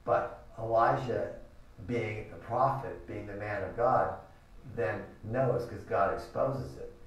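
A man appearing as a guest minister on a talk show, who retells a story in a halting way with restarts. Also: fairly low pitch, highs cut off. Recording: echoey room, mic from a distance.

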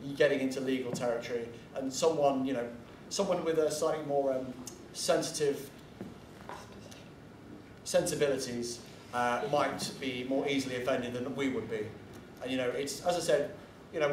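At a convention panel, a man with a mid-range voice talks casually, being chatty and blunt, wandering into asides and dropping the occasional swear word. He's recorded from far off in an echoey room, with faint ambience and slight background noise.

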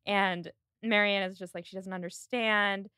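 A woman with a bright, clear tone chats casually on a podcast, walking through a film scene by scene. She keeps it lively and slips into the characters' lines as she retells them. Her voice sits close and dry, with no room sound. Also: medium pitch, moderate pace, no room sound. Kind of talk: casual chat recapping a film.

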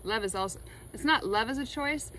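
A woman chatting casually while laying out tarot cards, excitable and full of spiritual musings. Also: a little high, a little fast, a little hiss or hum, low-quality recording. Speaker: tarot reader.

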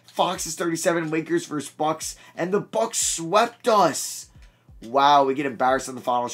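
Guy chatting thru his gameplay, thinking out loud, correcting himself here and there, mid-pitch voice. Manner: chatty, thinks aloud, mild self-corrections. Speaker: gaming video creator. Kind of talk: casual gameplay commentary.

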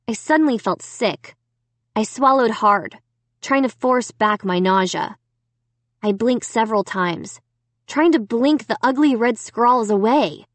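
An audiobook narrator with a medium-pitched voice reads a children's horror novel aloud in the first person, slow and expressive. There's no echo.

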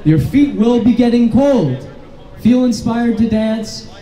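A man addresses a street protest, his voice pitched very high yet soft and mellow in tone. He declaims in repeated slogans and often rises to a shout. The sound carries a roomy echo from the open street. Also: animated, slow. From Canada. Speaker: rally speaker. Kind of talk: impassioned outdoor rally speech. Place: street protest outdoors in the rain.

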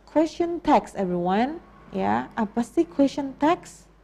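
A woman with an Indonesian accent leads a live online English class. Her voice sits a little high. She explains slowly and patiently, repeating key words. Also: sing-song, gravelly, dark tone. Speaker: English teacher.

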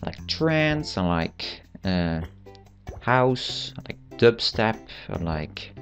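A man's voice: fairly low pitch, sing-song, takes it slowly, fairly bright tone, faint music behind. A teenage boy giving rambling, self-amused gameplay commentary, full of fillers and restarts. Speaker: channel host.

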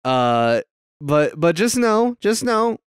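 A young man co-hosting a casual movie podcast, excitable and quick to swear and laugh. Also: on the high side, smooth, no room sound, studio quality. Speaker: podcast co-host. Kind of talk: casual movie-watching chat.

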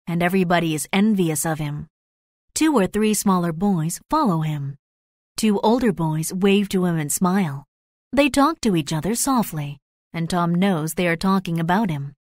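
A woman reading the narration of a graded storybook, slow and clear. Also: mid-range voice, no room sound, clean studio sound. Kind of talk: scripted narration of a graded reader.

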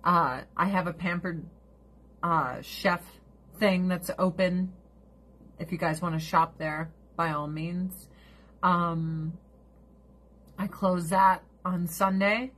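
A woman's voice: on the low side, fairly even intonation, takes it slowly, long pauses, a bit bright. A middle-aged woman streamer chatting casually with her viewers, blunt and profane, ranting with animation.

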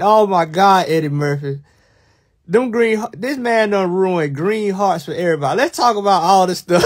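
A young man, talking casually and teasingly to viewers on a livestream. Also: high-pitched. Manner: teasing, animated, drawn-out bursts of mock alarm. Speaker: livestream host.

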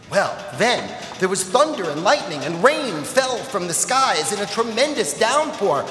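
A man's voice: high voice, moderate pace. A man telling a children's story at a temple service, playful and speaking to the audience. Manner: lively, playful, addresses the audience. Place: temple sanctuary. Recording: echoey hall with long reverb.

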